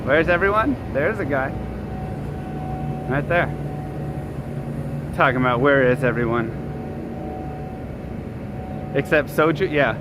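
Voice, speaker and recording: A man's voice: medium pitch, slow, long pauses. A man streaming live while walking outdoors, chatting casually and answering his chat. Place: city street outdoors. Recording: street noise behind.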